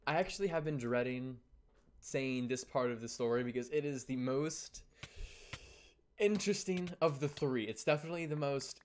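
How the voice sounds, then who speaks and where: A man's voice: medium pitch, moderate pace, slight background noise. A teenage guy telling a story to his viewers in a casual vlog. He sounds exasperated and rambles with frequent restarts. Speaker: YouTuber.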